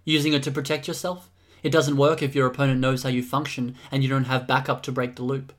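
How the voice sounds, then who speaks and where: A man reading aloud and voicing a stubborn, calculating young man who speaks with quiet menace in a storybook reading. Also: mid-range voice, level tone, fast talker, natural voice. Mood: lecturing. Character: stubborn, cold, calculating young male leader.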